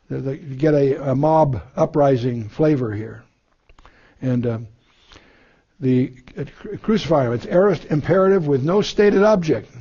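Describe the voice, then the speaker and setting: A man's voice: a little high, dark tone, muffled recording. A man giving a verse-by-verse Bible lesson, reading scripture aloud and then explaining it, with many fillers and restarts. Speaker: Bible teacher.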